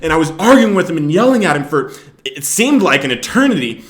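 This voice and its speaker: A man's voice: fairly high pitch, big pitch swings, fairly quick, roomy sound. A young man hosting his own show, telling his personal story of addiction and recovery to the camera with strong emotion. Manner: emotional, rising to loud shouting in places. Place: Billings, Montana area.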